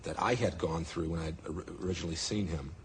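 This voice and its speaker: A man's voice: low-pitched, fairly even intonation, fast, heavy background noise. A man in a documentary interview, animatedly retelling a story and acting out how people reacted.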